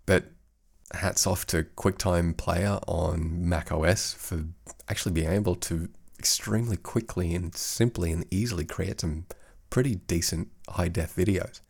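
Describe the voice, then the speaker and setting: Podcast host: middle-aged man, faded Australian accent, low gravelly voice, rambling with many restarts, home studio mic. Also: steady tone, unhurried, a little mellow. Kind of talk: casual solo podcast monologue. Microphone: studio microphone.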